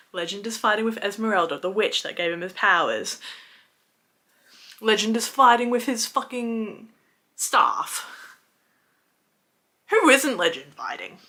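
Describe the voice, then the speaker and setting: A young woman in her twenties, casually recapping a book series with animated exasperation and frequent swearing. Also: medium pitch. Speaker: book reviewer.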